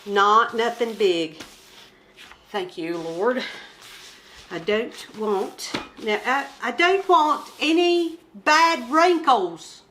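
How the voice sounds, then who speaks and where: A woman's voice: a little high, extremely slow, sharp tone, slight background noise. A woman chatting casually as she shows her craft kit, rambling and joking about herself. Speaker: crafting vlogger. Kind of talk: casual show-and-tell chat.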